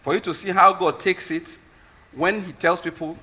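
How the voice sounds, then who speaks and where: Husky Nigerian man preaching a sermon. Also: high voice, fairly even intonation, moderate pace, bright, forceful tone. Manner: emphatic, keeps asking the listeners if they follow. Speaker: pastor.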